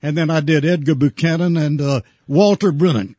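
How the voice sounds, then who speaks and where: A radio host talks in a folksy, storytelling way, his voice slightly husky and pitched a little high. The studio sound is close and dry, with a somewhat muffled top end. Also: moderate pace, warm tone, no echo. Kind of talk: on-air reminiscing.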